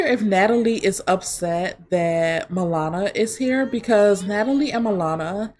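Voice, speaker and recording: A chatty woman narrates her gameplay to viewers in a relaxed, conversational way. Her voice sits at an ordinary middle pitch. She talks straight to her audience like a friend. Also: unhurried, few pauses. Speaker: let's play host. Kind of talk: casual gameplay commentary.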